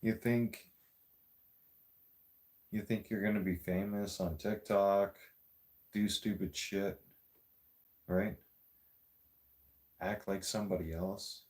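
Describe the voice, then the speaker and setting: A man's voice: fairly low pitch, fairly even intonation, slow pace, long pauses, darkish tone. A man with a Toronto Canadian accent, ranting to camera in a blunt, profane and sarcastic vlog monologue. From Greater Toronto Area, Canada. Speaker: vlogger.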